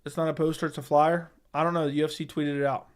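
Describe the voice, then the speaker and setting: A man's voice: a little high, flat delivery, quick pace. A man hosting a casual livestream, reading viewer comments and answering bluntly, often swearing and repeating himself. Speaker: MMA livestream host. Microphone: studio dynamic microphone.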